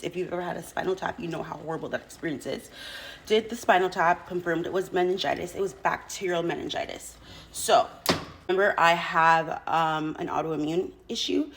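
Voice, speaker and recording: A woman telling a personal story in a casual, animated way, acting out what others said to her. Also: lowish voice, low-quality recording.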